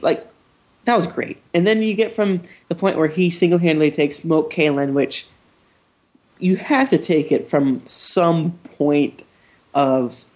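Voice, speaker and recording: A man hosting a casual podcast chat from a living room, talking in an animated, joking way and swearing freely. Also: on the high side.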